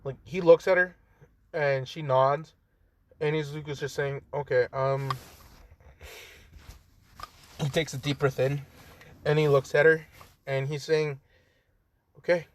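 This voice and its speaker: A man's voice: a little high, steady tone, normal speed, long pauses, no echo. A young man casually improvising a story, rambling with lots of fillers and joking asides.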